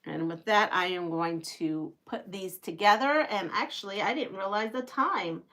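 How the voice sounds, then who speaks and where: A woman's voice: medium pitch, normal speed, bright, forceful tone. A middle-aged woman hosting a quilting live stream, chatting casually with viewers and often laughing. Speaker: quilting channel host. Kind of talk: casual live-stream chat while sewing. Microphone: home live-stream setup.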